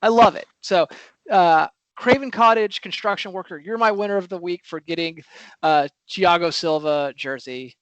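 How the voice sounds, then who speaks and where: A man's voice: high-pitched, normal speed, dry recording, lo-fi sound. Chatty man hosting a football podcast. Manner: animated, rambling, lots of fillers. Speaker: podcast host. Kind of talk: casual football podcast chat.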